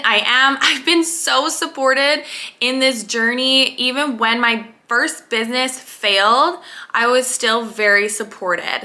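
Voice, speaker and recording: A young woman giving an energetic, emphatic motivational talk as a life coach, repeating phrases for stress. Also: a little high.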